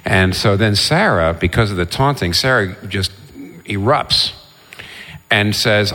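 A man preaches a sermon in a low voice, retelling Bible stories with animated energy. He briefly acts out what each character says. His words ring out with the long reverb of a large hall. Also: moderate pace. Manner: animated storytelling, voices the biblical figures.

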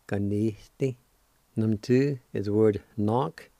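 A man with a fairly low, warm voice hosts a radio language lesson, speaking slowly as he patiently spells out words. He repeats each syllable and offers encouragement, and there's no echo in the recording.

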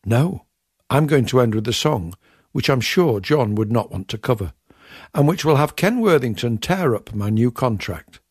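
A man hosting a comic radio show, speaking in a wry, confiding and self-mocking monologue with a raspy voice. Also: mid-range voice, animated, moderate pace, no echo, studio quality. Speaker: comedian and radio show host. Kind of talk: scripted comic monologue to audience.

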